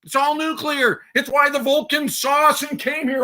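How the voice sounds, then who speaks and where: A man talking on a live stream in casual chat, playful and excitable. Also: very high voice, moderate pace, few pauses.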